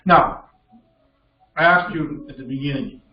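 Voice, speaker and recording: A man's voice: fairly high pitch, unhurried. A man coaching a piano student in a masterclass, encouraging and checking in often with "okay?". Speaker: piano teacher leading a masterclass. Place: music studio indoors with a piano. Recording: distant, roomy and dull with piano behind.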